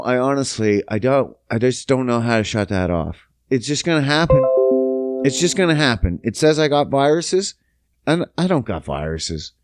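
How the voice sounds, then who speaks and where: A young man hosting a casual podcast, telling a profane, animated story and acting out the quotes. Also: mid-range voice. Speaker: podcast host. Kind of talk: casual solo podcast rant.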